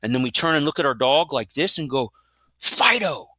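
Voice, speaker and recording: A middle-aged man who trains dogs explains his methods in an energetic, blunt way and often poses rhetorical questions. His voice is keen and very bright at a medium pitch. The sound is dry and close. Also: quick pace, no room sound. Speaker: dog trainer, guest. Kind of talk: explanatory interview talk.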